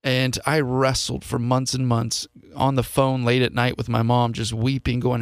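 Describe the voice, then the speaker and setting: A man's voice: mid-range voice, flat delivery, moderate pace, hardly any pauses, clear, resonant tone, no echo, clean studio sound. A man from Seattle, a podcast host, telling a personal story in an earnest, confessional way and voicing his past thoughts as quotes. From Seattle, USA.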